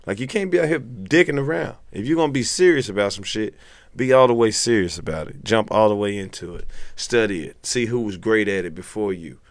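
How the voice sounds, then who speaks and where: A young adult man, a comedian co-hosting a podcast, talking in casual banter with profane, preachy rants that jump into high yelps. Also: expressive, a little fast, no echo.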